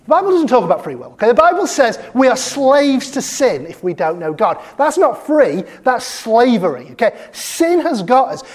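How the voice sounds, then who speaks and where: Preacher mid-sermon: earnest and emphatic, a middle-pitched voice, slows down to read scripture aloud. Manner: emphatic, asks the congregation questions, repeats "okay?"; reads scripture verses aloud, slowing for emphasis.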